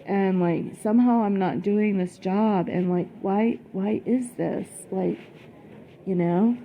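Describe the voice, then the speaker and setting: A middle-aged woman tells a personal story on her vlog with emphatic heat, stumbling over restarts and fillers. Her voice has a gravelly edge. A faint noise sits under the recording. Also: mid-range voice, slow pace, mellow, low-quality recording. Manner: heated, emphatic, many fillers and repeated words. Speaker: vlogger.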